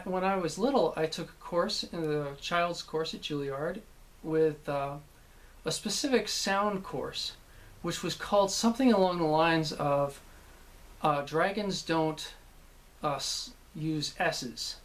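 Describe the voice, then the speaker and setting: A man, a voice actor, casually recalling his work, rambling with many pauses and restarts. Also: a little high, fairly bright tone. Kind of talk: casual anecdotal talk.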